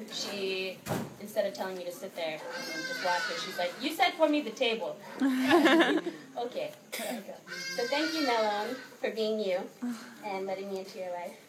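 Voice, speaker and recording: A young American woman, an exchange student, giving a heartfelt thank-you speech to her host family and laughing often as she tells stories. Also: medium pitch. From United States. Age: young adult. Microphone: microphone held at a distance. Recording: distant mic, noisy outdoor ambience.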